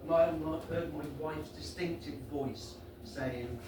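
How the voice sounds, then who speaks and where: A man's voice: fairly high pitch, takes it slowly, hardly any pauses. A man in his sixties performing a self-deprecating stand-up set in a small pub room. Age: 60s. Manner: self-deprecating, wry storytelling. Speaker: stand-up comedian. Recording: echoey far-off pub recording with background noise.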